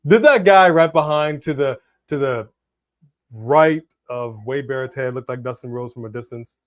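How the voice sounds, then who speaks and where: Excitable man giving live commentary. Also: mid-range voice, moderate pace. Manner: excitable, bursts of loud exclamations. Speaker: co-host of a wrestling watch-along.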